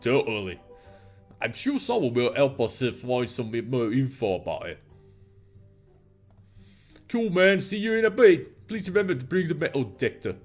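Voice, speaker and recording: A man's voice: mid-range voice, sing-song, moderate pace, long pauses, soft background music. A man with a cold voicing an eager young British treasure-hunting friend in a faltering put-on British accent. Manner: upbeat, enthusiastic. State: has a cold.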